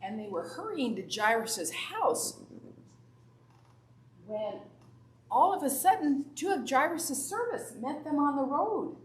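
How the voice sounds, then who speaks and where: A woman's voice: sits high, very animated, slow pace, pauses often. Woman telling a children's Bible story. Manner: warm storytelling with questions to children. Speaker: Sunday school teacher. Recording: echoey room from far off, faint background noise.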